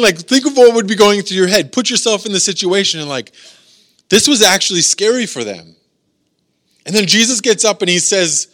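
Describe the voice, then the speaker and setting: A man's voice: high voice, animated, moderate pace, fairly bright tone. A man preaching as a pastor in a casual, talky way, full of "like" and acted-out voices. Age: adult, has daughters. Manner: conversational, filler-heavy, acts out voices. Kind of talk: casual youth sermon.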